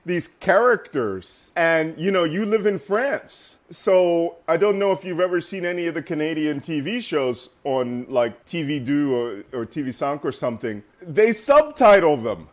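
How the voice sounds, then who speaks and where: High voiced guy chatting, lively storyteller, laughs a lot. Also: unhurried, few pauses. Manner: animated storyteller, laughs often. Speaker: guest. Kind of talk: casual interview chat.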